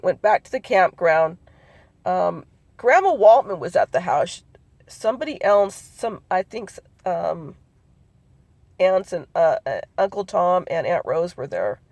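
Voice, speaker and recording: A middle-aged woman with a gravelly, creaky edge recounts a family memory in a halting, rambling way, full of ums and restarts. She slips into the voices of her relatives as she quotes them, and the sound is close and dry. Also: on the low side, darkish tone, dry recording. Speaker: family storyteller. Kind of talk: personal recollection.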